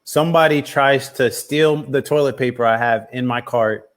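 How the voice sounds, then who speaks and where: A man hosting a casual interview, asking questions in a relaxed, hesitant way full of fillers. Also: medium pitch, normal speed. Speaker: interview host.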